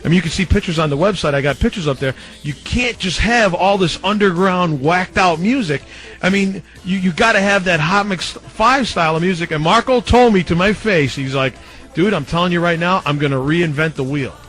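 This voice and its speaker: A man's voice: high voice, normal speed. A man, a former radio DJ, telling stories in a casual interview and acting out what other people said. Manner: animated, acts out other people's quoted lines. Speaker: former radio mix-show DJ, guest.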